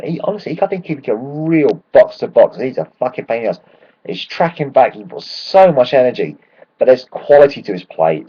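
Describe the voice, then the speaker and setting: A croaky-voiced man rants casually about his football team for a home vlog, getting excitable and swearing freely as he talks. His voice sits at a middling pitch. The recording is dull and lo-fi. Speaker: football fan vlogger. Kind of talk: casual fan rant to camera.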